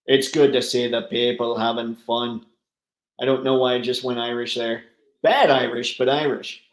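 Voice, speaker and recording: A man's voice: medium pitch, flat delivery, moderate pace, echoey room, rough recording. A man hosting a casual live stream, chatting and reading out viewer comments with rambling, easygoing talk and easy laughs. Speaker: livestream host.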